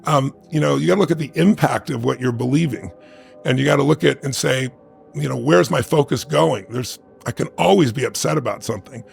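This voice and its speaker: Gravelly man telling a personal story. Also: mid-range voice, brisk, faint music behind. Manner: emphatic, conversational, with frequent "right?" asides. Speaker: motivational speaker. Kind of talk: interview answer with personal storytelling.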